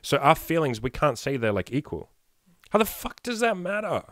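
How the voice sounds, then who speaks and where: A man's voice: a little high, very animated, moderate pace, fairly bright tone, no room sound, clean studio sound. A man in his thirties, a dating coach talking bluntly and profanely on a casual podcast, with emphatic rhetorical questions. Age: 30s.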